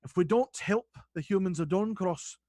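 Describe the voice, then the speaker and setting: A man voicing a composed queen who speaks in formal, measured sentences. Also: high voice, dark tone, no room sound, lightly acted. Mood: commanding. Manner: measured, stately speech.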